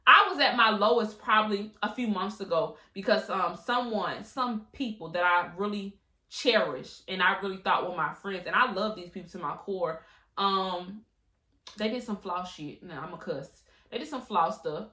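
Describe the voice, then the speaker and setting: A woman's voice: medium pitch, moderate pace, sharp tone, reverberant. A woman in her late twenties hosting a podcast, talking in a chatty, slangy, candid way. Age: late 20s. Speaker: podcast host. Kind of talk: casual solo podcast chat.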